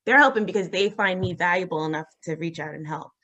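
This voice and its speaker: Earnest, halting woman telling her story. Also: pushed and bright, highs cut off. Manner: earnest, halting, many fillers and restarts; acts out quoted voices, rising high. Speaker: interview guest. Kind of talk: personal story in conversation.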